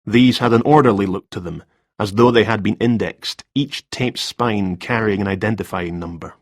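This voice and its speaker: A man reading a detective story aloud in measured, even narration. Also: lowish voice, no room sound, clean studio sound. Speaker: audiobook narrator. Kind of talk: scripted narration.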